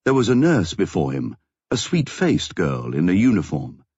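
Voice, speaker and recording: A man reading a story aloud in a measured, steady storytelling manner. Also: deep voice, slightly rough, no room sound, highs cut off. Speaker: audiobook narrator. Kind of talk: scripted narration.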